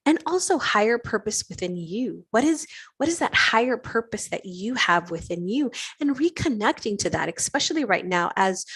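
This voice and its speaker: A woman hosting an astrology show, talking reflectively and asking many rhetorical questions, often adding "right?" and slowing down to stretch key words. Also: medium pitch, sing-song, fairly bright tone, breathy edge. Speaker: astrology podcast host. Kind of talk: reflective spiritual talk.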